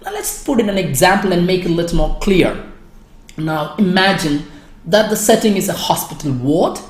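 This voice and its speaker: A woman's voice: fairly low pitch, animated, normal speed, roomy sound. A woman teaching an exam speaking class, explaining step by step and addressing her students by name. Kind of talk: online class lecture.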